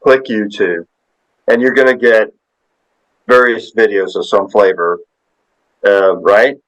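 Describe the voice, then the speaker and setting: Man, sixties, podcast guest, rambling folksy chat, lowish voice. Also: fairly even intonation, slow pace, fairly bright tone, low-quality recording. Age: 60s. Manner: rambling, folksy, tag questions. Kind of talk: casual storytelling chat.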